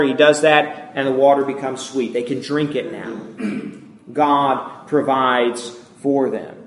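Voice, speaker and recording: A man's voice: medium pitch, measured pace. A man giving a sermon, reading scripture and voicing the complaints with rising emphasis. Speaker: preacher.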